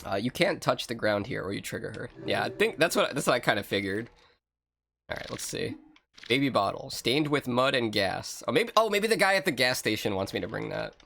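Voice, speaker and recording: A man's voice: mid-range voice, brisk, vocal fry, a little hiss or hum. A man streaming a horror video game, joking and chatting to his viewers as he plays. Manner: animated, joking, talks to chat. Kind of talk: let's-play commentary. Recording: game music under voice. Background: game music.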